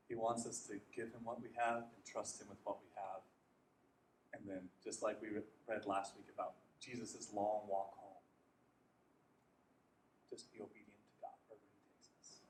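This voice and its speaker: Earnest pastor preaching in an echoey church. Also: male voice, on the low side. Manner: earnest storytelling with rhetorical questions. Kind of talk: sermon. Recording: echoey hall, distant mic, faint noise.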